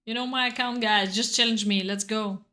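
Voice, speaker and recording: A woman from Bulgaria with a Bulgarian accent, chatting earnestly and emotionally on a live chess stream while playing blitz, in halting non-native English. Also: a little high, fairly even intonation, bright, forceful tone. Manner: earnest and encouraging, with broken non-native phrasing.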